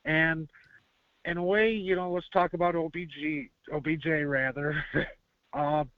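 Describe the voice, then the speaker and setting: A man from Buffalo, New York, phones in to a fan show. His voice is a bit high and friendly, and he laughs often. The line sounds muffled and dry. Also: fairly even intonation, unhurried, no room sound. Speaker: caller. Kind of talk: phone-in chat.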